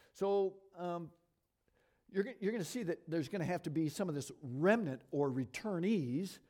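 A middle-aged man teaching from scripture to a congregation in a lively, conversational way, asking the room questions as he goes. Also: a little high. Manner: lively, conversational, talks fast and asks the audience questions. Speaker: bible teacher.

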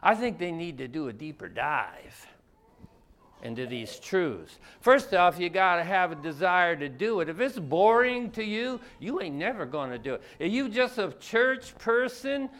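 A man with a high, smooth and resonant voice delivers a folksy Bible-teaching sermon. He talks in a loose, colloquial way and keeps firing rhetorical questions at his listeners. His voice stays clear and ringing throughout. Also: sing-song, unhurried, a bit bright. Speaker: preacher.

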